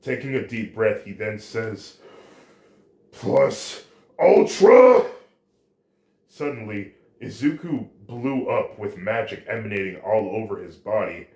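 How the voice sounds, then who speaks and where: A man reading a fan story aloud, halting now and then with restarts. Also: on the low side. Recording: roomy echo.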